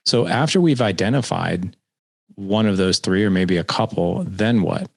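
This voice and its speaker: Low-voiced podcast host, engaged. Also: male voice, moderate pace, creaky, husky, dry recording. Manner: engaged, reflective, sums up and asks follow-up questions. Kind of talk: podcast interview.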